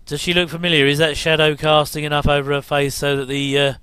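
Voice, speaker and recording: A man's voice: fairly high pitch, flat delivery, fast talker, bright, forceful tone, clear, resonant tone, no echo. A middle-aged man giving a chatty, jokey commentary over a TV episode. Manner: chatty, jokey asides with chuckles. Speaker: commentary host. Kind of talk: casual watch-along commentary.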